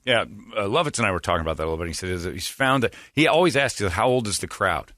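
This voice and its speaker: A man hosting a podcast, telling stories in a sarcastic, animated casual chat. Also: on the low side, racing, no echo, clean studio sound. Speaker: podcast host.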